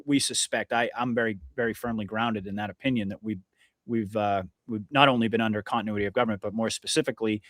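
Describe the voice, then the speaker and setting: A man's voice: lowish voice, a bit bright, dry recording, clean studio sound. A man hosting a podcast interview, talking in an earnest, emphatic way with many restarts. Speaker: podcast host. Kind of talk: casual conversational interview.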